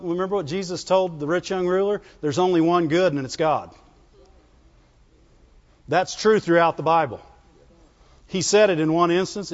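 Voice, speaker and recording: A man's voice: fairly high pitch, long reverb tail, lo-fi sound. A man preaching a sermon in a folksy, call-and-response way, asking the congregation to answer back.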